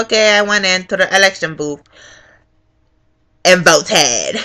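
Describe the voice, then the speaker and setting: A woman's voice: on the low side, slow, long pauses, sharp tone. A young woman telling a profane storytime rant as a vlogger, acting out the people in her story. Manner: profane, acts out every voice in the story.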